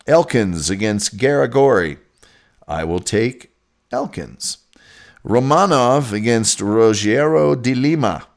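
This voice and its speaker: A man's voice: medium pitch, vocal fry. A male host of a sports show, talking casually and wryly through fight picks and viewer comments in a rambling way. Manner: rambling, wry, slowly reads out picks.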